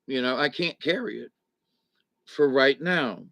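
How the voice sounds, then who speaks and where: A middle-aged man at home indoors, recovering from back surgery, rambles in a casual live chat to his viewers, folksy and chuckling between thoughts. He speaks expressively and a little slowly in a mid-range, a bit bright voice with vocal fry. There's no echo.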